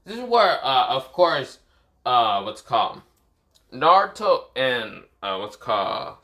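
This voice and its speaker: Rambling, animated male storyteller. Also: medium pitch. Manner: rambling, self-correcting, many fillers. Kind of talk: casual improvised fan story narration.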